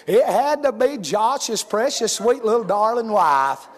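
A man's voice: high-pitched, lively intonation, measured pace, in a large hall. A man preaching a sermon, telling folksy stories that rise into hollering. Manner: folksy storytelling, rising to hollering.

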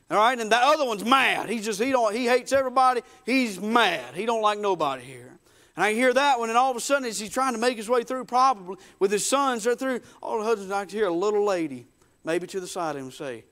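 A man preaching a dramatic storytelling sermon, folksy, swinging from hushed murmurs to loud bursts. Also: sits high.

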